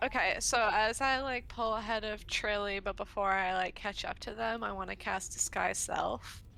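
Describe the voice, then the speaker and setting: A woman's voice: medium pitch, fairly even intonation, normal speed, gravelly, bright, forceful tone. A woman taking part as a player in a tabletop game, talking in a playful, hesitant way with many fillers. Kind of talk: tabletop role-play.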